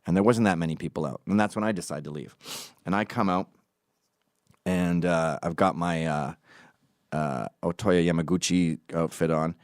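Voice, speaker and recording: A man's voice: deep voice, steady tone, moderate pace, no echo, clean studio sound. A man hosting a podcast, telling a story in a mocking, profane way and acting out the quotes. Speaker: podcast host. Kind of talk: casual storytelling monologue.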